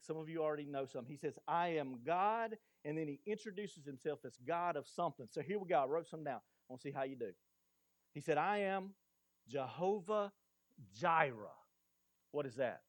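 A man preaching a sermon as pastor, lively and quizzing the congregation. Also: on the high side, no room sound, studio quality.

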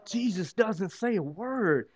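A man preaching a sermon as pastor, swinging from loud exclamations to hushed, drawn-out lines. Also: high voice, lively intonation.

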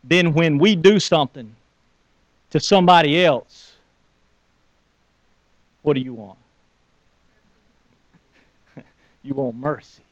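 Male pastor, conversational sermon, slightly high voice, dry sound. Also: slow pace, pauses often, dry recording. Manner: conversational, questions the audience, restarts words.

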